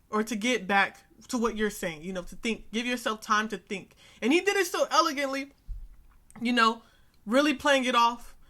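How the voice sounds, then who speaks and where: A woman's voice: fairly high pitch, bright, forceful tone. A young woman hosting a reaction video, talking in a casual, earnest way and repeating phrases for emphasis. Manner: frequent "you know what I'm saying" fillers.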